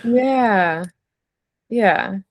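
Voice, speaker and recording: A woman's voice: fairly high pitch, extremely slow, no room sound. A woman telling personal stories in a casual conversation, reflective and chatty, with many fillers. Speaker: podcast guest, writer.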